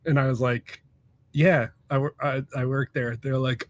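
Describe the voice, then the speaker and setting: A man's voice: medium pitch, steady tone, moderate pace. A man being interviewed as a guest author, talking casually in a loose, profane, rambling way with lots of fillers.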